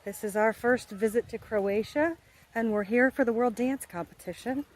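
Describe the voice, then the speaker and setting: A woman's voice: a little high, normal speed, rough recording. A woman from the United States, chatting cheerfully to viewers as she films a travel vlog outdoors. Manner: chatty, upbeat, speaks to viewers. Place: outdoors by the sea.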